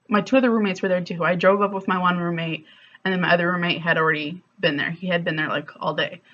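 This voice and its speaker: A woman's voice: fairly low pitch, sharp tone, highs cut off, a little hiss or hum. A woman telling a personal story in a confessional vlog, candid and emotional, with lots of fillers. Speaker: vlogger.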